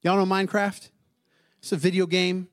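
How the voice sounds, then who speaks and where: A man's voice: high-pitched, level tone, moderate pace. Tinged male pastor preaching casually. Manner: conversational, asks the congregation questions. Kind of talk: sermon.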